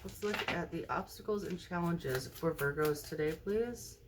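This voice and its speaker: Chatty woman with a low voice reading tarot. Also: animated, measured pace, heavy background noise. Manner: chatty, keeps checking in with the viewer. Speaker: tarot card reader. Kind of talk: casual tarot reading to camera. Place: indoors at a table, at home. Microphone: phone camera mounted high overhead.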